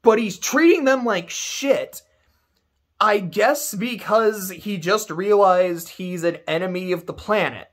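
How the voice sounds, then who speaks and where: A man's voice: sits high, slow pace. A man giving casual game commentary to camera, emphatic and ranting, swearing freely. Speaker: video creator.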